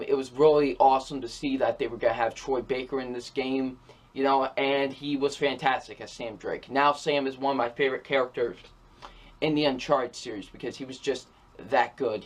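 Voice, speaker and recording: A man's voice: medium pitch, steady tone, moderate pace. A man giving a casual, enthusiastic video game review, repeating his praise with lots of fillers.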